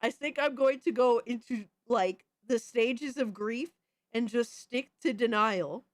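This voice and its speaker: A woman streaming live, reacting to viewer videos with loud, exasperated, profane commentary and frequent shouts of disbelief. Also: fairly high pitch, a little slow, no room sound. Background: music.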